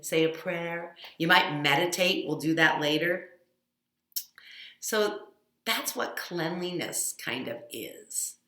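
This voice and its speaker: A woman leads a children's Sunday school lesson, gently coaxing young listeners with frequent questions. Her voice is bright and clear, and it rings in an echoey room. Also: on the low side.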